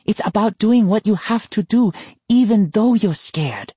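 A man's voice: sits high, lively intonation, unhurried, mellow, slightly rough, no echo, voice pushed up, exaggerated voice. A man voicing a stern, protective girl who scolds her younger brother bluntly. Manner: blunt and demanding. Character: stern older-sister girl, bossy and protective.

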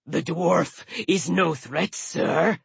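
A man's voice: fairly high pitch, very slow, creaky, slightly rough, no room sound, voice pushed up, heavily acted. A man voicing a greedy male dragon who mutters to himself as a storybook figure. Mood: sly.

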